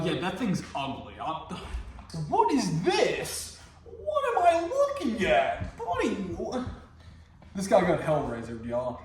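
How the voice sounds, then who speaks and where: A man hosts his own video show, riffing and joking straight to the camera in loose comic commentary. His voice sits a little high and swings widely in pitch. The room around him rings with echo. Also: a little mellow, a little hiss or hum. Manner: jokey, riffing, talks straight to viewers. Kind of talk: casual comedic reaction commentary.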